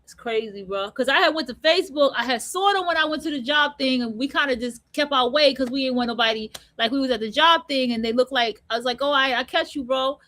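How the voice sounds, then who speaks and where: A woman hosting an online radio show, talking in a high voice. She tells stories in a blunt, profane, slang-heavy way. The delivery is loose, like a casual monologue. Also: fast, hardly any pauses, a bit bright. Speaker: host.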